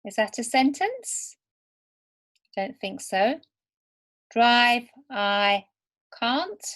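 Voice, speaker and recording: A woman teaching English to beginners over slides, speaking slowly and deliberately word by word. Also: fairly high pitch, sing-song, a bit bright. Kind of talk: slow, clear lesson for beginner learners.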